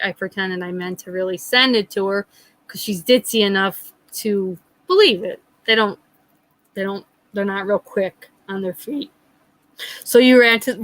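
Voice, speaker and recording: A middle-aged woman hosting a live chat, telling a funny story in a lively, laughing way. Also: medium pitch, dry recording, poor audio. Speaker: livestream host.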